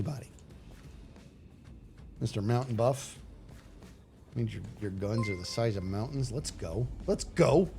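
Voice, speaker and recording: A man chats on a live game stream, thinking out loud and teasing himself as he plays. His pitch jumps around a lot. Quiet background music runs underneath. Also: lively intonation, moderate pace, long pauses. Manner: rambling, self-mocking, thinks aloud. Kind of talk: live gaming stream chat.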